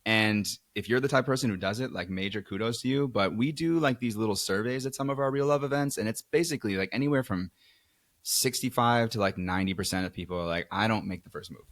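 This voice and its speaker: A man's voice: lowish voice, quick pace, fairly bright tone, dry recording, clean studio sound. A man from New York, a podcast guest talking earnestly and reflectively about dating, with many "like"s. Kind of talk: casual interview chat.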